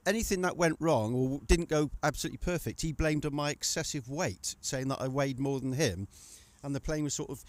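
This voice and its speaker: A man's voice: a little high, brisk, hardly any pauses. Playful man, mock-offended. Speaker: studio guest. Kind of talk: casual live-stream chat.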